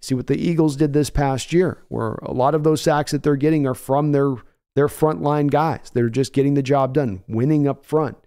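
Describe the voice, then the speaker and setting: A man hosting a casual live stream, reading viewer messages aloud and thinking out loud with frequent restarts. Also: on the high side, steady tone, normal speed, clear, resonant tone. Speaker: host of a fan sports livestream.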